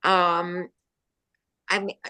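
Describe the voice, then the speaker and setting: Slow, hesitant woman in a class. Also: fairly low pitch, level tone, pushed and bright. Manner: hesitant, searching for words with many restarts. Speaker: class participant. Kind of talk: asking a question in class.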